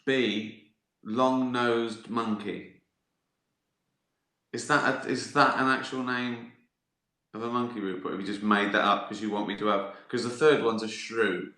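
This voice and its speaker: A man's voice: on the low side, steady tone, measured pace, pauses often, sharp tone. Sweary laughing man riffing. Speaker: livestream host answering viewer questions. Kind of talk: casual comic monologue. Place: indoor room, live stream. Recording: roomy echo.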